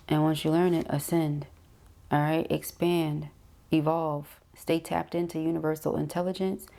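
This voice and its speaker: A woman talks through a tarot reading. Her voice sits low and very gravelly, with a mellow, dark tone. She stays chatty and emphatic and keeps turning to her viewers. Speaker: tarot reader. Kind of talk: casual spoken tarot reading.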